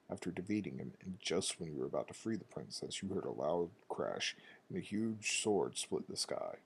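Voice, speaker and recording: Wise old sage, male, low and quiet, slow and solemn; a man doing the voice. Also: gravelly, slight background noise, exaggerated voice. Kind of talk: reading game dialogue aloud.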